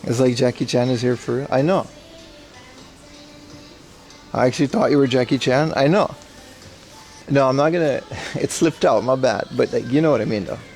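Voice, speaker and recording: A man's voice: medium pitch, normal speed, long pauses, a little mellow, faint music behind. A man streaming live while browsing a secondhand electronics shop indoors, rambling and cracking jokes to his chat on a mobile rig. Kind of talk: casual IRL livestream commentary.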